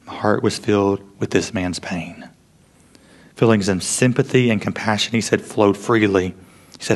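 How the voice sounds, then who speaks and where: A man preaching a sermon in an earnest storytelling way, often dropping to a hush for emphasis. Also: fairly low pitch. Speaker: pastor.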